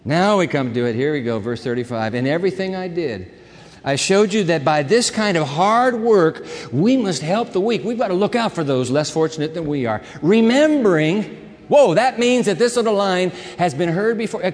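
Male pastor, fairly high voice, emphatic sermon delivery, long hall reverb. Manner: emphatic preacher, repeats words, swings between quiet and loud.

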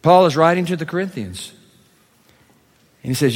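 A male pastor preaching a sermon in a church, swinging between loud proclamation and hushed, quick asides. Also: mid-range voice, expressive. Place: church sanctuary. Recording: long hall reverb.

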